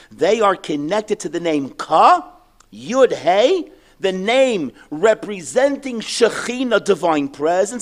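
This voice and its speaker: A man teaching a Torah class, lively, asking questions and answering them himself. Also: high-pitched. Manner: animated, asks and answers his own questions.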